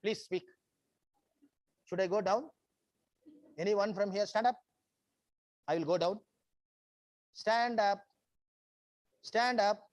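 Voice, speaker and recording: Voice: mid-range voice, takes it slowly, pauses often. A theatre facilitator gives a conference talk. The speaker repeats phrases and coaxes the audience to take part.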